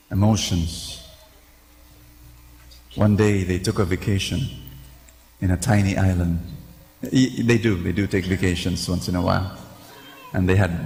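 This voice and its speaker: A man's voice: low voice, gravelly. A man preaching a sermon at mass, telling a parable with frequent restarts. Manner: storytelling, repetitive restarts. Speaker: priest. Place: large church. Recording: echoey basilica, loud music.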